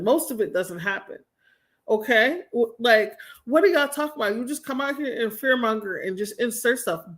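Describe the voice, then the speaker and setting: A woman's voice: high voice, a bit bright. A woman hosting a livestream, ranting in a blunt, profane, exasperated way. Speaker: livestream host. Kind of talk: casual ranting commentary.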